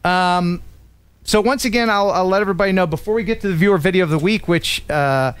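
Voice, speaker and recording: Male live-stream host, a bit high-pitched, casual and playful. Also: fast, clear, resonant tone, no echo.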